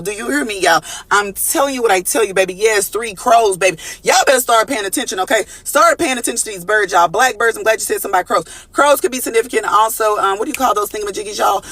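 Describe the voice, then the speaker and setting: Fast, high-voiced man reading tarot. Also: no room sound. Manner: animated, profane, preachy, addresses viewers as y'all and baby; breaks into sing-song phrases. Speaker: tarot reader. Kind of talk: casual tarot reading to viewers.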